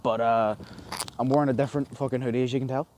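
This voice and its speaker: A man's voice: medium pitch, fairly even intonation, quick pace, background noise. A man hosting a vlog, talking casually to camera outdoors in a forest before dawn and swearing freely. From United Kingdom. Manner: swears freely, rambling and matter-of-fact. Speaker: vlogger host.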